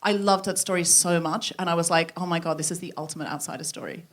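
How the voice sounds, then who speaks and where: A woman's voice: lowish voice, steady tone, quick pace. A woman hosting a live podcast, asking questions in an eager, exclamatory way. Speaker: podcast host.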